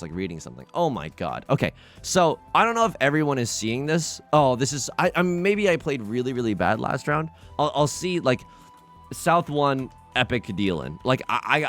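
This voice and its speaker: Young male gaming host, lively swinging pitch, stammers and restarts, faint music under voice. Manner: animated, self-mocking, frequent stammered restarts. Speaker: gaming YouTuber. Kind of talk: live gameplay commentary.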